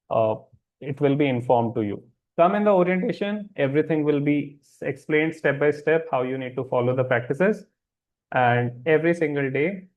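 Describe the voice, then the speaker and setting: A man's voice: a little high, narrow, tinny audio. A man hosting a wellness webinar, reassuring listeners and often checking that they follow. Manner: reassuring, repeats check-in questions. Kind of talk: live webinar talk answering chat questions.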